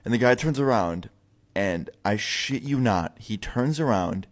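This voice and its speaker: Young man, lowish voice, casual sweary storyteller. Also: animated, measured pace. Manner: swearing, rambling, filler-heavy.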